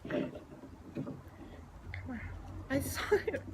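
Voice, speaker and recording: Woman vlogger, slow and high-voiced, gasping and gushing, noisy home recording. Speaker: vlogger unboxing an album. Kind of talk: excited unboxing vlog.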